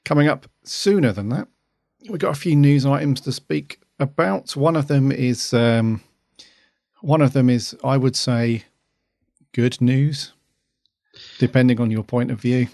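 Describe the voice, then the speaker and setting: A man's voice: medium pitch, a little slow, darkish tone, no echo, studio quality. A man hosting a podcast, upbeat and jokey as he runs the show. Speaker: podcast host. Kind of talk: casual chat.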